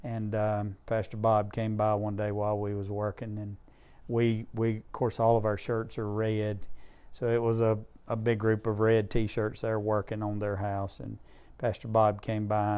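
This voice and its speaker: A man's voice: lowish voice, monotone, normal speed, few pauses, darkish tone, clear, resonant tone. A middle-aged man telling heartfelt stories about disaster relief in an interview. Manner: earnest, emotional storyteller with Southern grammar. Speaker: disaster relief charity leader. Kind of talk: interview storytelling.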